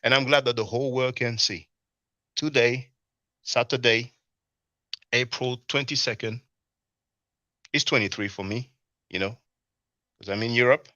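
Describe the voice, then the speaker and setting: A man's voice: medium pitch, fairly even intonation, measured pace, long pauses, bright, forceful tone, no echo, muffled recording. A man giving casual commentary on a live stream and reading chat, mocking and scornful, often asking "you see?". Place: abroad in Europe.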